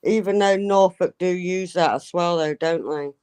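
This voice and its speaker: A woman's voice: on the low side, moderate pace, a little mellow, clean tone. A woman co-hosting a casual chat, mostly giving brief, agreeable replies.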